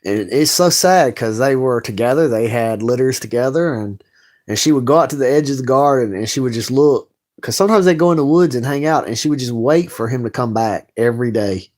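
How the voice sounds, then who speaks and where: A man's voice: medium pitch, brisk, a little mellow. Rambling man ranting on a livestream. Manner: blunt, rambling, heavy profanity. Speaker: livestream host. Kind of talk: late-night casual livestream rant. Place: home, late at night.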